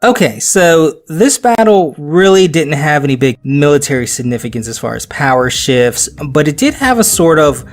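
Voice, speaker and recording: A man hosting a relaxed history podcast, chatty and quick to joke. He trips over tricky names and laughs it off. Faint music sits underneath. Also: a little high. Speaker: podcast host. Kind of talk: casual history podcast chat.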